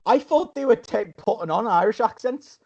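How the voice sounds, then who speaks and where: A man's voice: very high-pitched, expressive, normal speed, vocal fry, a little mellow. A man co-hosting a podcast, with blunt, crude banter. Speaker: podcast co-host. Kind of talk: casual chat. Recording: dull podcast mic.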